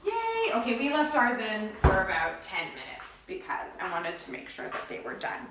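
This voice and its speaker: Bubbly, high-voiced woman teaching a recipe. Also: big pitch swings, normal speed, roomy sound, heavy background noise. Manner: bubbly, checks in with "okay?" often. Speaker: cooking host for English learners. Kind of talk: cheerful teacher-like cooking demo.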